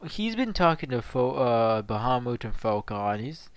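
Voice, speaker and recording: A man's voice: medium pitch, sing-song, measured pace, dry recording. Rambling, profane male storyteller, dry sound. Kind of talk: casual improvised fan-fiction narration.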